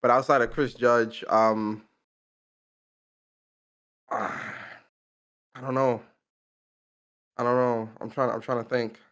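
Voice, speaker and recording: Podcast co-host, a man with a mid-range voice, relaxed and blunt. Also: medium pitch, slow pace, pauses often. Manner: laid-back, blunt and profane. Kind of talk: casual gaming podcast chat.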